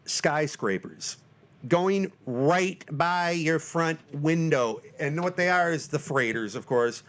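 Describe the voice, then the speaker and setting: A man's voice: a little high, fairly bright tone. A man hosting his own podcast, talking in a jokey, rambling, self-deprecating way in a casual monologue. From Northern Michigan. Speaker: podcast host.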